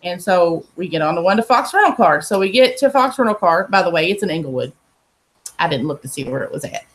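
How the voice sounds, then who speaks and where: A woman's voice: on the low side, animated, fast. A woman telling a story in a casual, blunt and profane way. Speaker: podcast host telling a story.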